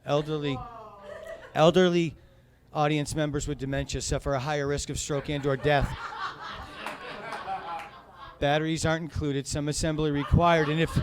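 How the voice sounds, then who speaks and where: Man, stand-up comedian, fairly high voice, foul-mouthed, rambling, live comedy club stage. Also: level tone, moderate pace, long pauses, crowd noise. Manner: profane, rambling, shifts between shouting and quiet asides.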